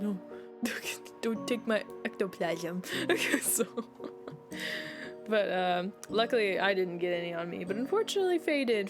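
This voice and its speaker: A woman streamer chatting casually, rambling and giggling with plenty of fillers. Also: medium pitch.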